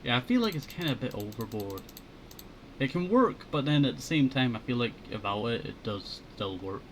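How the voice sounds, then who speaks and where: A man chatting casually while drawing on a headset mic, thinking aloud in a low-key mutter. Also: big pitch swings, normal speed, slight background noise. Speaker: streamer.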